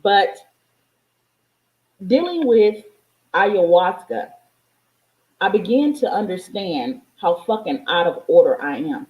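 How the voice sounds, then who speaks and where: A woman's voice: lowish voice, expressive, slow pace, long pauses, lo-fi sound. Fervent, swearing woman in an echoey room. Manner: profane, fervent, preachy. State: near tears. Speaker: spiritual vlogger. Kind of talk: emotional spiritual monologue.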